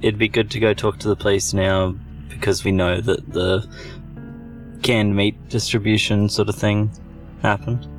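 A man's voice: fairly low pitch, little pitch movement, moderate pace, soft background music. A man playing a tabletop game, laid-back with short replies in casual chat. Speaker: player.

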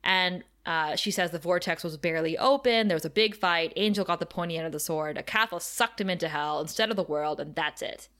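A woman's voice: on the low side, a little fast, few pauses. A woman co-hosting a podcast, retelling scenes in casual chat with frequent laughter. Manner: animated, laughs often while retelling scenes. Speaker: podcast co-host recapping episodes.

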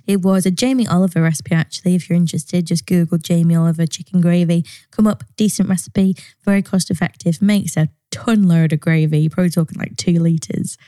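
A woman from Northern England co-hosting a podcast, chatting casually in a brisk, practical way. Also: lowish voice, steady tone, mellow, dry recording, studio quality. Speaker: podcast co-host. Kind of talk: casual chat.

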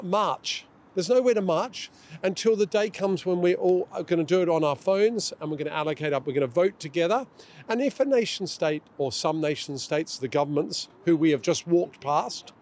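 A man's voice: on the high side, a little mellow. A middle-aged man, a guest author in a conversational interview, talking emphatically and acting out quotes. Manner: emphatic, acts out quoted voices.

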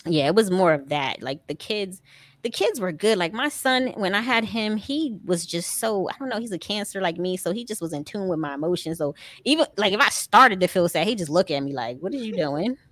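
A woman in her thirties, a military veteran, telling personal stories in a relaxed, animated way, laughing often and acting out quotes. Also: medium pitch, a little fast, no echo. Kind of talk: casual podcast storytelling.

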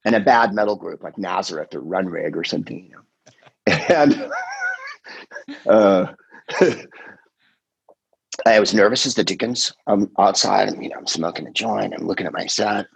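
Middle-aged male comedian, low husky voice, loose rambling podcast storyteller. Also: normal speed, pauses often, no room sound, rough recording. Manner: rambling, animated storytelling with quoted voices and swearing. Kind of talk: casual chat.

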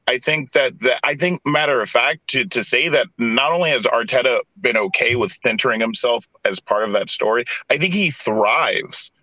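A man with a bright, forceful voice hosts a podcast chat. He steers the others with questions and thinks aloud about the topic. His voice sounds dry and close to the mic. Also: mid-range voice, normal speed, few pauses, no echo, muffled recording. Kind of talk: casual chat.

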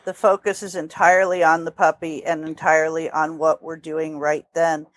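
A dog trainer from New Jersey, USA, answers interview questions calmly and explanatorily over headphones on a remote call, frequently restarting her sentences. Her voice sits low at a moderate pace, with no room sound, and she's in a temporary room away from home.

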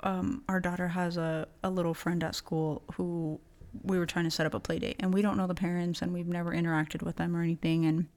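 An American woman co-hosts a podcast, telling stories emphatically in relaxed conversation with a slight lisp. Her voice is fairly low and darkish, with little pitch movement, and she speaks briskly.

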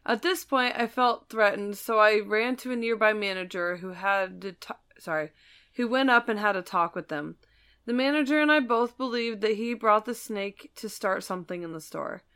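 Smooth-voiced woman reading out stories. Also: mid-range voice, moderate pace, a bit bright. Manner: reads stories aloud, blunt, swears, laughs often. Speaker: podcast co-host reading stories. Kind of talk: casual storytelling chat.

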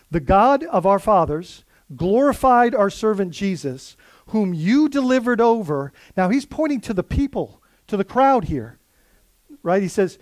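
A man preaches in a fairly high voice, earnest and chatty, often restarting his sentences. The sound is dry and close, with no room echo. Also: big pitch swings, normal speed, a little mellow. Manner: earnest, conversational preaching with many fillers and restarts. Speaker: pastor. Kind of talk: sermon.

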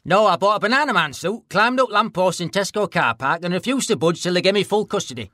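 A man playing a deadpan northern bloke. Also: high-pitched, fast talker, no echo, studio quality. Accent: Northern English. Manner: deadpan, blunt, plain-spoken. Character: gruff northern ex-stalker bloke, blunt. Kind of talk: mock documentary interview.

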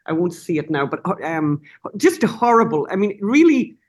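A middle-aged woman talking as a guest in a casual interview, animated and rambling, with many restarts and self-corrections. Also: lowish voice, normal speed.

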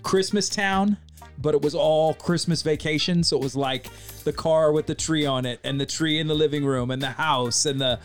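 Male podcast host, slightly high voice, jokey and excitable, faint music bed. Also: moderate pace. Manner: jokey, laughs often, excitable. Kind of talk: casual chat.

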